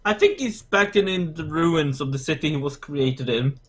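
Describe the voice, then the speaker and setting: A man's voice: fairly high pitch, expressive, moderate pace, fairly bright tone. A man playing a tabletop game, speaking politely and hesitantly in a formal way. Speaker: player.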